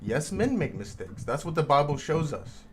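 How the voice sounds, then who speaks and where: A man chatting loudly and insistently in a casual livestream debate, talking into his phone. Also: very animated, normal speed, a little hiss or hum. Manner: loud, insistent, then mumbling low. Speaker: troll posing as a debate panelist.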